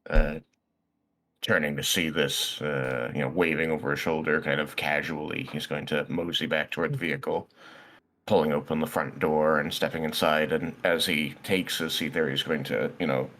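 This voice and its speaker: A man's voice: rumbling low, fairly even intonation, normal speed, a bit bright. A man playing a tabletop game, describing his character's actions in a laid-back way. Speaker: player. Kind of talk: tabletop role-play.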